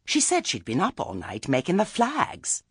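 Man voicing prim, resentful committee lady, fussy, husky, pitched up. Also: wildly swooping pitch, normal speed, fairly bright tone, no echo, studio quality, full character voice.

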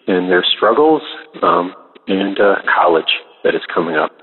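A man from Wisconsin phoning in an earnest, steady prayer. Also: low voice, husky. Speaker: caller. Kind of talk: phoned-in prayer. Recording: tinny phone line with long reverb.

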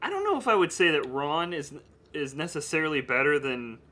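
A man's voice: a little high, very animated, fairly quick, sharp tone. A man co-hosting a casual pop-culture chat, joking, swearing freely and laughing often. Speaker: podcast co-host.

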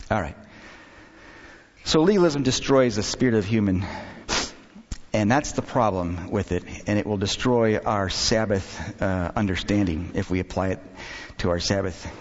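A man preaching a sermon as pastor, telling stories and jokes in a lively, conversational way. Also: fairly low pitch, measured pace, long pauses. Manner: lively, joking, storytelling with acted quotes. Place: church sanctuary. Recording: dull hall recording with long reverb.

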